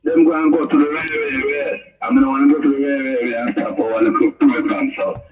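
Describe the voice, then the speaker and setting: A man's voice: fairly high pitch, sing-song, fast, far from the mic, slight background noise. A man playing a rambling caller on a mock radio call-in show, heard over a tinny phone line. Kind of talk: comedy sketch phone-in.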